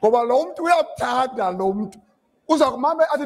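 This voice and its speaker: A man preaching a sermon in a church, switching between English and Xhosa and building up to shouted lines. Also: very high voice, expressive, a little fast. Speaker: pastor.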